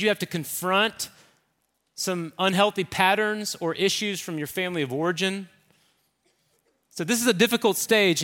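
A pastor preaching to his church in a chatty, emphatic manner. The man has a bright, somewhat high voice. A long echo trails his words through the hall. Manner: conversational, emphatic, acts out quotes. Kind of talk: sermon. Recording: echoey hall.

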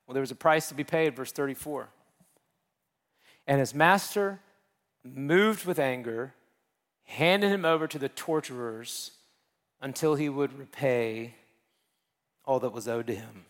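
A man preaching a sermon in a conversational, joking way, speeding up and slowing down as he explains. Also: mid-range voice, long reverb tail. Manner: conversational and joking, with big swings in pace. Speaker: pastor.

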